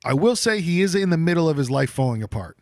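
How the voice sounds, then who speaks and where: A man's voice: on the high side, sing-song, quick pace, a little mellow, no echo, clean studio sound. A man cohosting a podcast, giving blunt, profane commentary in casual chat.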